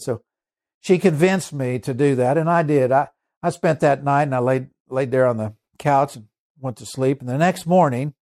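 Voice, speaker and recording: A male preacher telling a testimony in a sermon, earnest and emphatic, slowing down to stress key points. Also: a little high, a little mellow. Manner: earnest, emphatic storyteller with shifting pace.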